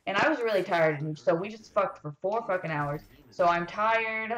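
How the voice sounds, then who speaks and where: A young woman telling a rambling, swear-heavy story while playing a video game, venting in an animated way. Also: medium pitch, normal speed. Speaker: gaming streamer. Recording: roomy echo, faint background noise.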